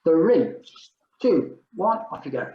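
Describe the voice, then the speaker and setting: A man's voice: a little high, very animated, slow pace, reverberant, highs cut off. An older man leading an exercise class, chatting and joking between rounds while he counts down the reps. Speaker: fitness instructor.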